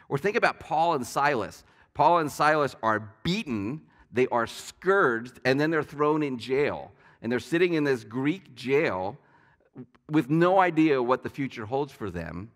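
A man's voice: mid-range voice, long reverb tail. A man preaching a sermon as pastor, telling stories in a conversational way with light asides. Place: church sanctuary.

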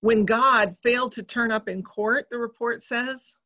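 A woman preacher giving a sermon in a church, speaking in a measured, reflective way. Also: fairly high pitch, fairly even intonation, bright, forceful tone, dull audio.

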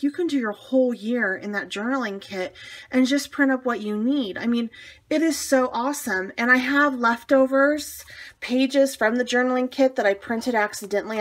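A woman's voice: a little high, fairly bright tone. A woman presenting a casual planner-crafting tutorial, chatty and enthusiastic, with frequent fillers and restarts. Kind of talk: casual show-and-tell tutorial.

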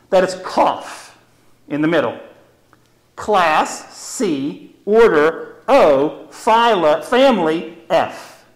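Man, zoo educator, high voice, very lively pitch, chatty, upbeat, echoey room. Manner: chatty, upbeat, explains with memory tricks. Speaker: zoo educator, program host. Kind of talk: live educational stream, casual teaching.

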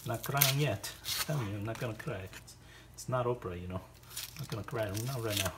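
Brisk and mid-range, this man hosts a home cooking video, chatting casually with himself and his dog while he works in his kitchen. The recording has loud kitchen noise throughout, with chopping and clinking dishes and cutlery behind him.

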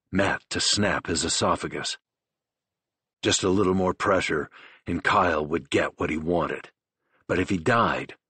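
A man narrates a thriller audiobook in a very deep, husky voice. He reads slowly and deliberately, building tension. The sound is dry and close on the mic. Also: fairly bright tone, dry recording. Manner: measured, deliberate and tense.

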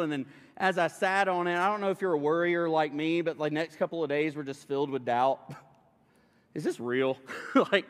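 A young pastor tells a funny personal story in a loose, conversational way. His voice sits a bit high for a man. The sound rings with the long reverb of a church hall. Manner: casual, humorous storytelling to a congregation. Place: church sanctuary.

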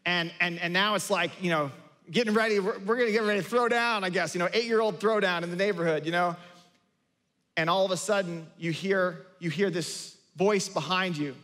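Animated high-voiced male pastor preaching. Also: brisk. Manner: conversational, animated, with repeated restarts and acted-out quotes. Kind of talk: sermon. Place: church sanctuary.

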